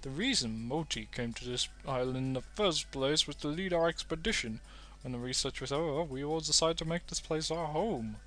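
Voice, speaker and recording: A British man doing an elderly grandfather in a game, bright-toned and fond as he reminisces. He speaks in a plain, easy way. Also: on the high side, normal speed, natural voice. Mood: reminiscing. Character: old grandfather, village elder.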